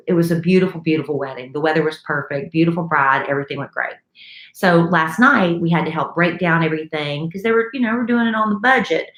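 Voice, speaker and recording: A middle-aged woman and radio co-host, telling a story in a chatty, animated way in casual talk. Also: lowish voice. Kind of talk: casual chat. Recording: echoey room.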